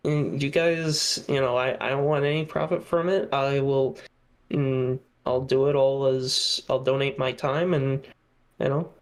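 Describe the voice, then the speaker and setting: A man in a relaxed podcast conversation, stopping and starting as he searches for his words. His voice sits at an ordinary middle pitch. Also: a little slow. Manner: hesitant, many restarts and fillers. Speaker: podcast guest. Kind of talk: casual podcast chat.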